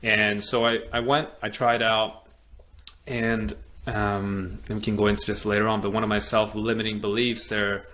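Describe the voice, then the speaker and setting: Low-voiced European man telling a story. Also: normal speed, a little hiss or hum. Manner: animated storyteller, acts out quoted dialogue, many fillers. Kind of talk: storytelling in casual conversation.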